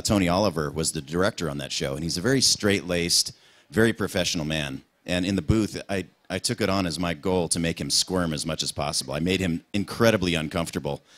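A man answering fan questions as a guest voice actor at a convention panel, joking and self-deprecating and laughing often. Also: low voice.

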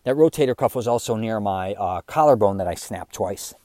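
A middle-aged man hosting a podcast, telling a personal story in a casual, animated way and acting out the quoted dialogue. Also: fairly quick, dry recording, studio quality. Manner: animated, acts out quoted dialogue with pitch jumps. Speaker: podcast host.

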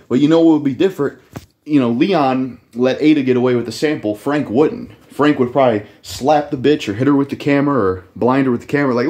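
A man's voice: medium pitch, fairly quick, darkish tone. A man talking off the cuff in a loose, rambling way, full of fillers and swearing. He jumps between half-finished thoughts and laughs at himself. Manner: rambling, profane, self-deprecating, with many fillers. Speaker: gaming youtuber. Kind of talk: casual rambling monologue.

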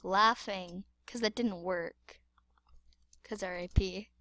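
A woman's voice: mid-range voice, steady tone, slow, sharp tone, dry recording, clean studio sound. A woman giving playful, dramatic gameplay commentary, exclaiming and repeating words. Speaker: gamer.

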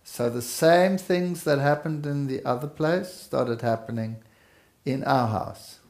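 A middle-aged man speaks slowly and earnestly as he tells a personal story. His voice is gravelly, with audible fry, and he takes his time over each phrase. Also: medium pitch, a little mellow. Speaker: speaker telling life story. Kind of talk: personal testimony in conversation.

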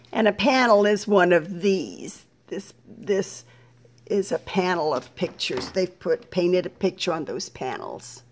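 A middle-aged woman teaching a patient, slow phonics lesson to young children, splitting each word into syllables. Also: fairly low pitch, expressive, a little mellow, breathy edge.

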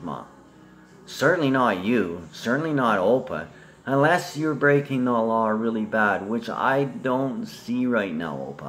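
Man, slightly low-pitched, rambling, foul-mouthed, talking straight to the camera. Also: fairly bright tone. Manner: rambling, profane, jumping between topics.

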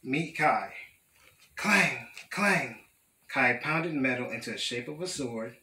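A young male student reading a children's picture book aloud at a steady, careful pace. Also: medium pitch, normal speed, echoey room, a little hiss or hum, rough recording. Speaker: student storyteller.

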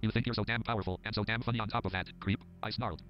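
A computer-generated male voice rattles off game text at a very fast clip, flat and monotone. It sits slightly low, and the sound is dull and lo-fi. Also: soft background music. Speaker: screen reader. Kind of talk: synthesized game text readout.

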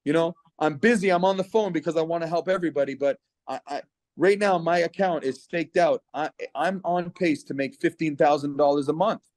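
A middle-aged man from Canada talks on a video call, earnest and persuasive, his fairly high voice catching with feeling. The sound is close and dry, with no room around it. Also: fairly quick, darkish tone, dry recording. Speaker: guest giving a testimonial. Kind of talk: personal testimonial on a video call.

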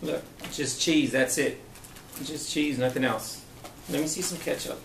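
Guy with a gravelly voice rambling over food, far from the mic, lots of noise behind. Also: a little high, measured pace, fairly bright tone. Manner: rambling, repeats himself. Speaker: vlogger. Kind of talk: casual mukbang chat. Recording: distant echoey noisy recording.

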